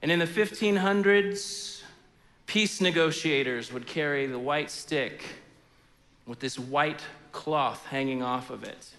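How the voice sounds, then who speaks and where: A man preaching a sermon as pastor in a church sanctuary, in a conversational, animated way with frequent fillers. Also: a little high, in a large hall.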